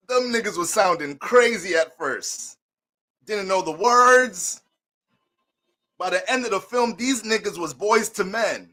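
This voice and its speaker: A man's voice: high voice, lively intonation, a little slow, pushed and bright. A man hosting an astrology livestream, greeting viewers by name in playful mock-preacher banter.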